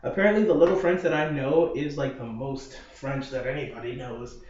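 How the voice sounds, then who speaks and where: A man's voice: mid-range voice, fairly even intonation, brisk, darkish tone. Young man rambling in an echoey room. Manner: rambling storytelling, acting out quotes with laughs. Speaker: vlogger. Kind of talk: casual video diary. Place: apartment living room. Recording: echoey, muffled room recording.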